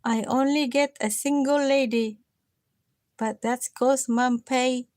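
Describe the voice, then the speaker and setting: A woman's voice: sits high, fairly even intonation, slow pace, dry recording. Woman, tired, casual live-stream chat, self-mocking, dry close sound. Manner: gentle, coaxing, repeatedly addressing a listener by name; chatty and self-mocking, with frequent laughs. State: tired from lack of sleep. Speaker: livestreamer.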